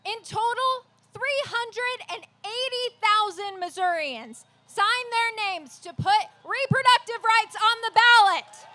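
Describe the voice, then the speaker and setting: A woman with a very high, bright voice speaks slowly and deliberately at an outdoor rally. She is an activist leader who delivers her points earnestly and stays measured from line to line. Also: expressive. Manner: measured, earnest, leads call-and-response chants. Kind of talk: rally speech.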